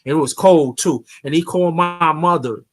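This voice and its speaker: A man's voice: fairly high pitch, moderate pace. A man hosting his channel, casually telling a personal story in a rambling way, repeating himself and restarting sentences. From New York. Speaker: YouTube channel host. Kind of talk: casual storytelling on a live chat.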